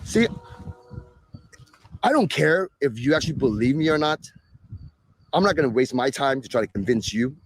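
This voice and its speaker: A man's voice: mid-range voice, lively intonation, normal speed, pauses often, a little hiss or hum. A man hosting a live stream, talking casually to viewers in a sarcastic, exasperated rant. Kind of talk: ranting casual talk to viewers.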